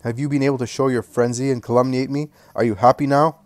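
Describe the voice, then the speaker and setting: A man's voice: mid-range voice, brisk, no room sound, clean studio sound, natural voice. A man voicing a proud, resentful young man who snaps back angrily. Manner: sharp, angry retorts.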